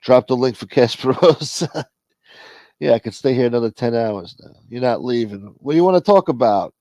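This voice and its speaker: A man's voice: mid-range voice, expressive, moderate pace, mellow, no echo. Profane, rambling man on a live stream. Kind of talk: casual live stream chat.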